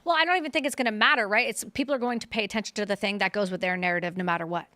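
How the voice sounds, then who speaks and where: A female guest in a casual panel discussion, chiming in with quick reactions. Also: medium pitch, no room sound. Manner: quick, lively reactions and interjections.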